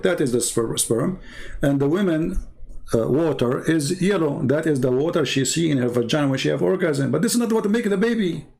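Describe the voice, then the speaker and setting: Insistent man debating, slightly high voice. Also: a little mellow. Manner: insistent, repeats himself, reads texts aloud and translates. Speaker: debate host. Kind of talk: heated religious debate.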